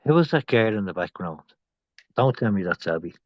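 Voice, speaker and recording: Man, erratic, swearing, outbursts and whispers, lowish voice, dry dull phone sound. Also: lively intonation, brisk, no room sound. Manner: swears a lot. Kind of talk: rambling casual chat.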